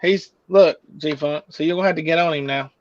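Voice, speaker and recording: A man hosting a casual car live stream, easygoing and quick to laugh, heard over call audio. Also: on the high side, dry recording. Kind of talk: casual chat. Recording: dull dry call audio.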